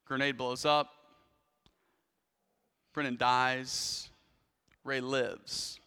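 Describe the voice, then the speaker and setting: A man's voice: mid-range voice, little pitch movement, very slow, bright, forceful tone, smooth, big-room sound. A man preaching a sermon in a church, telling a story in a conversational way with frequent restarts and asides. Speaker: pastor.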